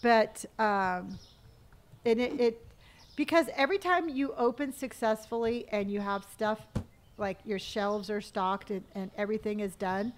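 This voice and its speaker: This live stream features a middle-aged woman from California chatting casually as she games, reading comments aloud and muttering to herself. She speaks a little slowly in a mid-range voice, with a little hiss or hum in the audio.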